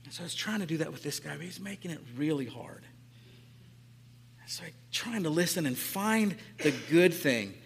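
Man in his late forties, pastor, casual storytelling sermon, chatty, slightly high voice, long hall reverb. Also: lively intonation, moderate pace, vocal fry, slight background noise. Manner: casual, chatty, frequent tag questions. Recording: echoey hall.

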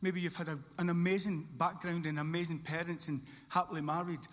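A man's voice: a little high, level tone, fairly quick. A man preaching a sermon as pastor, earnest, with a repeating emphatic cadence. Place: church hall. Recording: church hall reverb, faint ambience.

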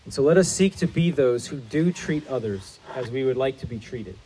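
A man's voice: medium pitch, animated, moderate pace, warm tone, a little hiss or hum, low-quality recording. A man preaching a sermon as pastor, in an earnest, explanatory manner.

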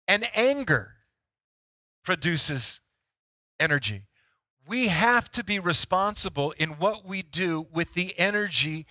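Male pastor, emphatic sermon delivery, bright tone, dry close sound. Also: fairly high pitch, dry recording. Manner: emphatic, repeats key lines for effect.

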